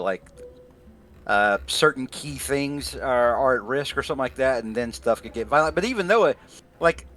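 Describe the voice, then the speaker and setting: A man's voice: medium pitch, a bit bright. A man running a tabletop game over an online call, talking in a loose, rambling way with casual swearing. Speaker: game master.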